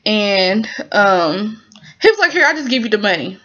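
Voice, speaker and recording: A woman giving a casual spoken recap of a drama episode, chatty and animated, with lots of fillers and quick asides. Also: medium pitch, lo-fi sound.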